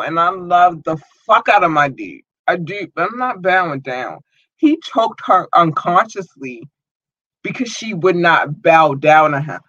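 Woman, livestream rant, bright forceful voice, heated and profane, dull lo-fi dry audio. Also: on the low side, no echo. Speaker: livestream host.

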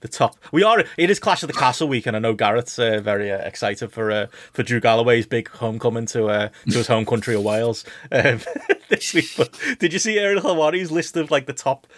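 A man hosting a casual podcast chat, animated and mocking, often laughing and swearing. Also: medium pitch, a little fast. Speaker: podcast host.

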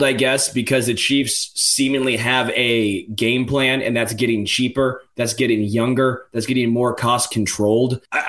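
A man co-hosting a casual sports podcast, breaking things down quickly and stumbling over first words. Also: mid-range voice, fairly bright tone. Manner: analytical, quick, repeats words when starting. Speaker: podcast co-host.

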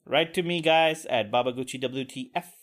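A man's voice: mid-range voice, normal speed, a bit bright. A young man hosting a solo podcast, telling a profane, rambling story and venting with crude asides. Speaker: podcast host. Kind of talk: casual solo podcast rant.

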